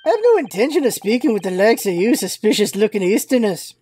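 Brief: woman putting on a brusque Scottish prison boss, threatening, lively delivery. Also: medium pitch, fast, a little hiss or hum, lightly acted. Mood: gruff. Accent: Scottish, put on. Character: gruff hostile male prison governor, Scottish.

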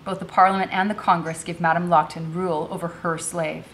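A woman reading a novel aloud, voicing a formal gentleman who lectures on the law. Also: lowish voice, level tone, a little fast, slight background noise, lightly acted. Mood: lecturing.

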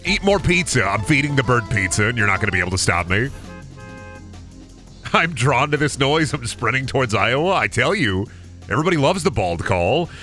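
A man's voice: medium pitch, big pitch swings, a little fast, pushed and bright, soft background music. A young man streaming a video game, chatting casually, goofing around and swearing often. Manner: goofy, swears a lot, does silly voices and noises. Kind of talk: casual gaming stream chat.

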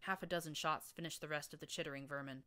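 A woman's voice: sits low, steady tone, quick pace, sharp tone. A woman narrating first-person action fiction in a vivid, dramatic storytelling manner. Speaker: audiobook narrator.

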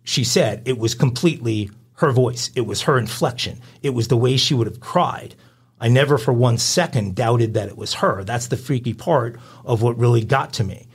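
A man's voice: mid-range voice, moderate pace, husky. Male podcast co-host, casual news read, filler-heavy. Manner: reads news stories aloud with filler uhs and asides. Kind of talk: casual chat, reading crime news.

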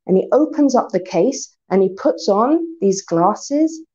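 A woman giving a religious community talk, retelling a story in an animated way. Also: mid-range voice, a little slow, dull audio. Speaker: speaker.

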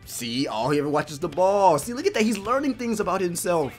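A man giving excitable, casual reaction commentary while watching an anime, cheering and laughing often. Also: sits high, brisk, soft background music.

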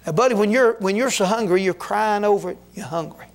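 A man with a notably high voice preaching a revival sermon in a church. He exhorts his listeners with folksy fervor and weaves homespun stories into his appeals. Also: a little fast. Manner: folksy, exhorting, with storytelling asides. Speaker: guest preacher. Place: church sanctuary.

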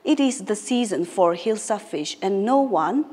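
A woman's voice: medium pitch, lively intonation, unhurried, warm tone, slightly rough, in a large hall. A woman teacher reading the lines of a short-tempered king in a storybook, commanding and then apologetic. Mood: stern.

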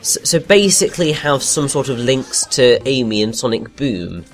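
A man doing animated, chatty co-commentary on a video game, often restarting his sentences. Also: medium pitch, normal speed. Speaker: let's play co-commentator. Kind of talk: casual gameplay commentary. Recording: game music underneath.

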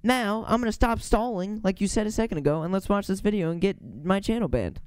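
A man's voice: high-pitched, quick pace, loud music behind the voice. A man streaming casually while reacting to a video, loose and self-mocking with frequent swearing.

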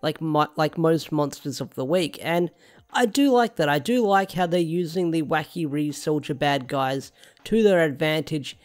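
Young male reviewer, slightly high voice, casual and rambling, thinks aloud. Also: moderate pace, a little mellow. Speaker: show reviewer. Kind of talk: casual solo review talk.

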